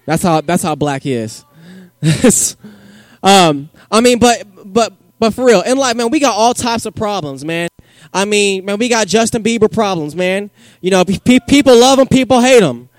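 A man giving a joking, energetic youth group sermon in casual slang, as a youth pastor. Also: high voice, normal speed, dry recording, studio quality.

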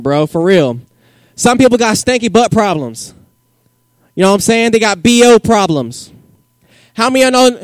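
Energetic high-voiced man preaching to youth. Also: dry recording, clean studio sound. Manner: joking, energetic, slangy. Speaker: youth pastor. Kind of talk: youth group sermon.

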